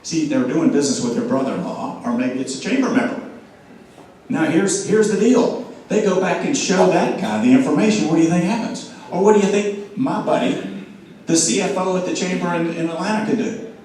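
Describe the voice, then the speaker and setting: Guy doing a sales talk to a crowd, keeps asking them questions, pretty high voice, super echoey room, mic kinda far off. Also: a little fast, a little hiss or hum. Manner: animated, asks the audience questions, acts out quotes. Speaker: speaker at a club meeting. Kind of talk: motivational sales talk to an audience.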